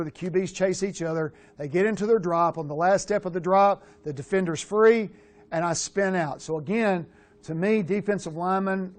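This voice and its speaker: A middle-aged man coaching quarterbacks, talking bluntly through game film with casual swearing and animated asides. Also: sits high. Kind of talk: film breakdown coaching talk.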